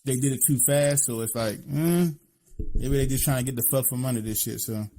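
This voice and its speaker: He's a podcast co-host from Philadelphia with a Philly accent, and his mid-range voice sounds mellow while he talks briskly. The conversation is casual, blunt and profane, peppered with "you know what I'm saying."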